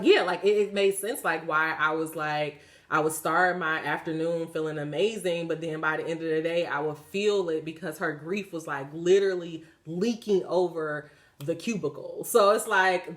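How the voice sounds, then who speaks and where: A woman giving a spiritual card reading, switching between reading card texts and chatty asides full of "like". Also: sits low. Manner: chatty, leans on "like" fillers when speaking off the cuff. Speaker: oracle card reader.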